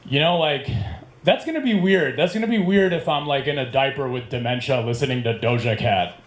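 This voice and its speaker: In an echoey club with faint room noise, a man in his late thirties runs through a rambling stand-up set, laughing at his own jokes. His voice is mid-range and he talks fairly quickly.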